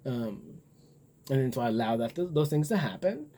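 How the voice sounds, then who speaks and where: Man, mid-pitched and husky; blunt, cussing vlog ramble. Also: sing-song, moderate pace, dark tone. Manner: profane, blunt and musing. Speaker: vlogger. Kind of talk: casual rambling monologue.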